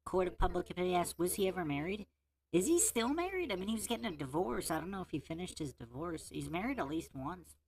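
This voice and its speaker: A woman hosts a casual livestream, amused as she reads out questions from viewers. Her voice sits a little low. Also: very animated, fast talker, darkish tone. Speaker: livestream host.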